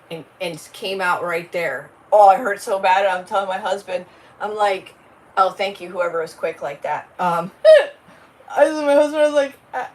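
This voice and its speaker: A woman's voice: medium pitch, poor audio. A woman, hosting a casual crafting livestream, chatty and rambling as she greets viewers by name.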